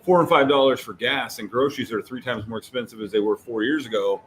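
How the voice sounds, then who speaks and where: A man's voice: mid-range voice, fast, slight background noise. Rambling man telling stories casually. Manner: rambling, animated storytelling with many fillers. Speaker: co-host. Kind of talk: casual chat.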